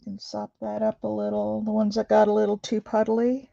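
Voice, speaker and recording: A woman's voice: medium pitch, completely flat delivery, normal speed, creaky, dark tone, no echo. A woman hosting a craft video, chatting casually and asking questions as she works. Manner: chatty, asks questions while working. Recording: dry, dull lo-fi sound.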